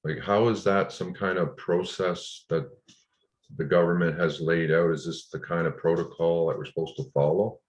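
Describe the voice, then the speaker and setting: A man telling of his ordeal in an interview, frustrated and indignant, with halting restarts. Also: sits low, steady tone, echoey room. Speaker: interview guest. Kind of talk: recounting a personal ordeal in an interview. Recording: dull lo-fi audio.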